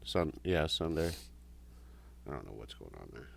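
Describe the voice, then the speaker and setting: A man with a rumbling low voice and vocal fry chats casually at a moderate, sing-song pace. He rambles through stories and acts out what other people said.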